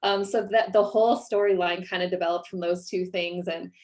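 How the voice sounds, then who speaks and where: Author woman with a lowish voice. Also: fairly even intonation, fairly quick, a little mellow. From Iowa, US. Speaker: author guest. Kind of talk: casual interview chat.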